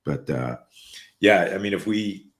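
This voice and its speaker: Deep-voiced man in his sixties, telling stories. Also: a little slow. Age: 60s. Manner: repeats words on restarts, animated when quoting others. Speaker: guest. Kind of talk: casual storytelling.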